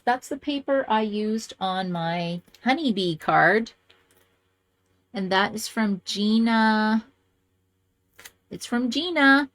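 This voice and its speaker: A woman in an average pitch hosts a card-making video and chats casually to her viewers. She gushes over each card and keeps up a warm, chatty flow of talk. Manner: gushing, chatty, lively swings in pitch. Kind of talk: casual chat showing cards to camera.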